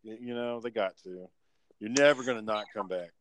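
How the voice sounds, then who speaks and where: A man's voice: fairly low pitch, a little fast, dry recording, poor audio. Guy swearing his way thru work stories, sarcastic, dry close mic. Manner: profane, sardonic storyteller acting out bosses and customers. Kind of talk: casual chat, swapping work stories.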